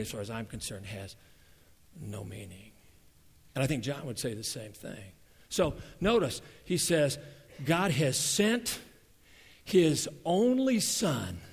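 A man delivers a sermon as a pastor, his voice sitting in an ordinary middle register. He swings between loud, emphatic peaks and soft, hushed stretches. The sound carries a long reverb, as if recorded in a big sanctuary. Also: mid-range voice. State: emotional, near tears. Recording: reverberant hall.

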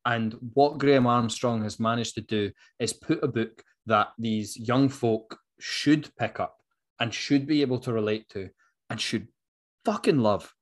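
A man's voice: mid-range voice, a little slow. A man with a Dundee Scottish accent, co-hosting a podcast in casual chat, earnest and passionate, with frequent ums. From Dundee, Scotland. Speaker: podcast co-host.

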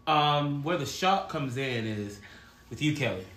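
A man's voice: mid-range voice, expressive, measured pace, a bit bright. A man in his forties hosting a podcast, chatting casually and rambling through stories, often laughing as he talks. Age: 40s. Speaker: podcast host. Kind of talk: casual chat. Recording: echoey room.

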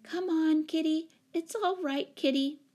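A woman voicing an earnest young girl with a soft, coaxing way of talking. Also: very high-pitched, fairly even intonation, measured pace, voice pushed up. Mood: soothing. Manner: coaxing, soothing.

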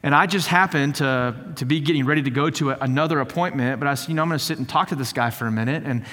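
Pastor preaching in a reverberant hall. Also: male voice, mid-range voice, racing, fairly bright tone. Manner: conversational storytelling, repeats words, rising to fervent emphasis. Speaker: lead teaching pastor. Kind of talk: sermon.

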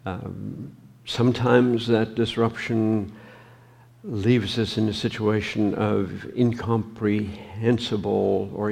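A man preaching a sermon, reading scripture and reflecting on it slowly, with many pauses and ums. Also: fairly low pitch, vocal fry, darkish tone, husky.

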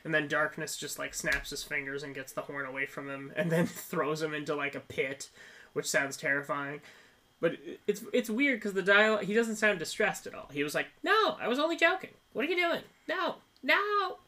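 Podcast co-host, male, fairly high and bright, animated, laughing storyteller. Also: fairly quick. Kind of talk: casual film review chat.

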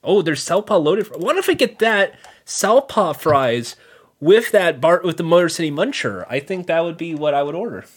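A man with a slightly high, very lively voice, casually listing menu items on a podcast. He chuckles as he goes and keeps it loose. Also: normal speed, husky. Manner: reads menu items in a relaxed list, chuckling. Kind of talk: casual chat.

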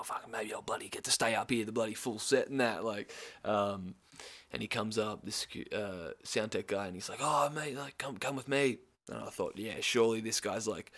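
A man's voice: on the low side, fairly bright tone. A young man with an Australian accent tells a rambling festival story in a casual way. He swears constantly and laughs as he goes. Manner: profane, rambling, laughs through his story. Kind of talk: casual anecdote.

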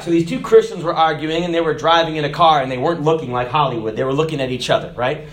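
A man preaching a sermon, telling jokes and stories, with sudden shouted lines. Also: on the high side, quick pace. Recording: echoey room.

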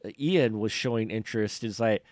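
A man's voice: lowish voice, a little fast, dry recording, clean studio sound. A man co-hosting a podcast in casual film review chat, rambling and often restarting and repeating his words. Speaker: podcast co-host.

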